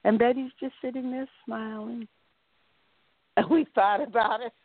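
A woman, an actress guest in an interview, telling animated stories and acting out what people said. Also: on the high side, moderate pace, pauses often, noisy background. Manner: animated storyteller acting out quotes. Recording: dry, tinny phone-like line.

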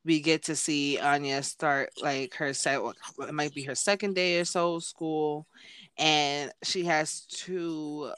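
A young woman co-hosting a podcast, recapping chapters in casual chat with animated retellings. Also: deep voice, slow pace, clean tone, no room sound. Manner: animated retelling with playful quoted voices. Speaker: podcast co-host.

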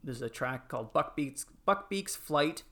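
A man in casual podcast chat, telling film moments with lots of fillers and animated retellings. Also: fairly high pitch, measured pace. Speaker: podcast panelist.

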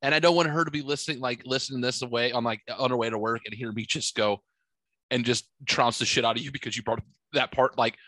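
A man in his forties tells stories on a podcast with a bright, forceful voice. He swears freely and acts out everyone he quotes. The sound is dry and close. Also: mid-range voice, fast talker, no room sound. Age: 40s. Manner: profane, animated storyteller acting out quotes. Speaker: podcast co-host. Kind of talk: casual storytelling chat.

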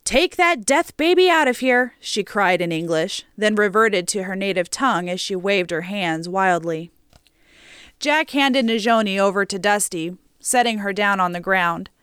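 A woman reading a story aloud as an audiobook narrator, steady and measured, on a close mic. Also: mid-range voice, clean tone, dry recording.

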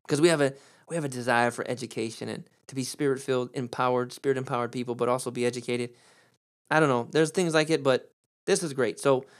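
A man, a pastor, teaching through a Bible passage on his podcast in a lively, emphatic preaching manner. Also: medium pitch. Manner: animated preacher, rising emphasis on key words.

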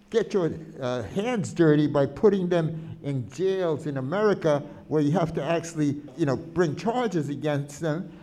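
A man being interviewed about his documentary footage, talking animatedly with frequent restarts. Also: a little high. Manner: animated, restarts often, quotes people he filmed. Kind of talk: conversational interview.

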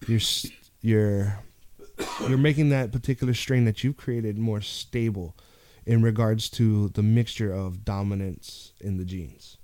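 A man's voice: on the low side, dark tone, no echo. A laid-back man, talking casually as the grow expert on a podcast, often saying "dude".

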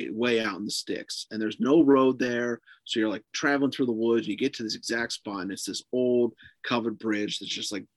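A man appearing as a podcast guest casually tells a long ghost story, animated and full of swearing and fillers. His voice is lowish and the recording is dry.

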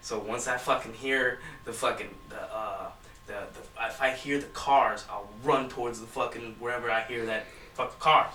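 Young man, casual storyteller, heavy swearing, bright voice, echoey room, distant mic. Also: medium pitch, steady tone, normal speed. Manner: profane, rambling storytelling. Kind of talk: casual chat.

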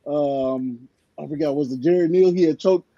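A man's voice: on the high side, moderate pace, mellow, no room sound, dull audio. A man co-hosting a sports podcast, chatting casually and telling rambling stories packed with filler words.

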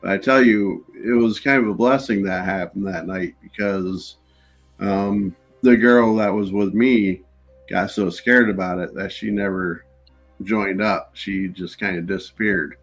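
A man with a low voice tells paranormal anecdotes in an unhurried, conversational way. He slips into quoted dialogue as he goes. Faint music sits in the background. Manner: relaxed anecdotal storyteller, acts out dialogue. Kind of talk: casual storytelling in an interview.

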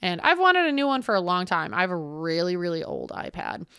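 A young woman co-hosting a casual podcast, bubbly and laughing often, her volume swinging between loud and quiet. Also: on the low side, sing-song, fairly quick, clear, resonant tone, dry recording, studio quality. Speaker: podcast co-host. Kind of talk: casual chat.

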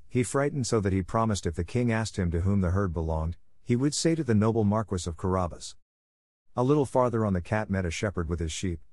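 A man's voice: deep voice, no echo, studio quality. Man reading a fairy tale aloud. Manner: steady, even storytelling. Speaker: narrator. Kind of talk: scripted audiobook narration.

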